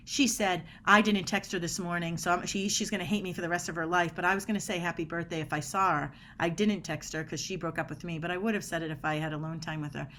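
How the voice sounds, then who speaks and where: A woman's voice: on the low side, fairly even intonation, quick pace, few pauses, fairly bright tone, a little hiss or hum. A middle-aged woman guest on a podcast interview, explaining body language in an emphatic way and acting out quoted dialogue.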